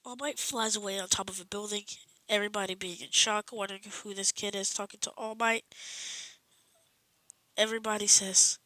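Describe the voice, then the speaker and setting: Woman, improvised fan story narration, rambling, self-correcting, bright voice, dry room. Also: mid-range voice, fairly even intonation, a little fast, no echo, poor audio. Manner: rambling, many restarts.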